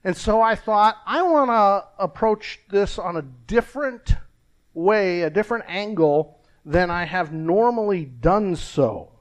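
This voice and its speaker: Older pastor guy, folksy and rambling, talks slow with a pretty high voice. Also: lively intonation. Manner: folksy, rambling, with fillers and restarts. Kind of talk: sermon.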